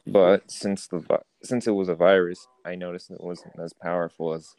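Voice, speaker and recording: A young man with a low voice chatting on a casual podcast with friends. He sounds laid-back and blunt, and he swears now and then without any heat. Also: little pitch movement, normal speed, a little mellow, rough recording. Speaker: podcast co-host.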